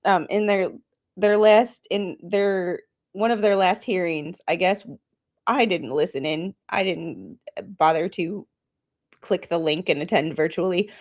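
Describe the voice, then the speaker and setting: A woman's voice: lowish voice, a little slow, a little mellow. A woman co-hosting a live stream, giving snarky commentary and laughing often. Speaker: stream co-host.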